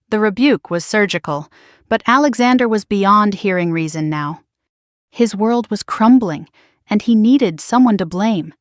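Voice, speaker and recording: A woman reads a scripted first-person family drama in a measured, steady way. Her voice sits at a middle pitch. The recording is dry and close. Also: dry recording. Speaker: narrator.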